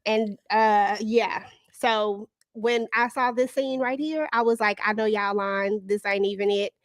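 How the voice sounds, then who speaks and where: A woman's voice: medium pitch, no room sound, studio quality. A woman panelist on a video call recapping a TV show. She talks in an emphatic, sassy way. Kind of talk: casual recap chat.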